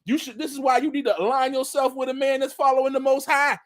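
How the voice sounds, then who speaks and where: A man giving a casual religious commentary monologue, animated and slangy, often breaking into laughter. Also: extremely high pitch, fast. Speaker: vlogger.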